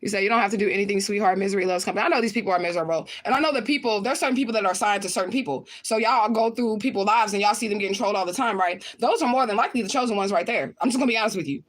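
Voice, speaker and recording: Fast-talking profane woman livestreamer. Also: mid-range voice. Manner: heated, profane, talks straight to chat. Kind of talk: livestream rant to viewers.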